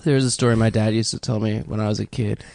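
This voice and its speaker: A man's voice: fairly low pitch, little pitch movement, fast, creaky, darkish tone, no echo. A man co-hosting a podcast, casually telling stories and defending his opinions. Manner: laid-back, defends his views, laughs easily. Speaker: podcast co-host. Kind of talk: casual chat.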